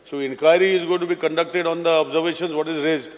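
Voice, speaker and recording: A man argues for his bill at breakneck speed, his voice pitched high. He keeps turning to address the Speaker. The sound rings with the long reverb of an assembly chamber. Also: steady tone, fast. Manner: mixes Konkani and English, keeps addressing the Speaker. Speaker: minister presenting a bill. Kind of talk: legislative debate speech. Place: legislative assembly hall.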